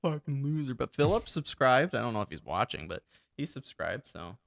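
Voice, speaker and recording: Young man, gravelly voice, bright tone, lively pitch, casual podcast storytelling, dry close mic. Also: normal speed, dry recording. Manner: animated storyteller acting out quotes, laughing often. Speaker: podcast co-host.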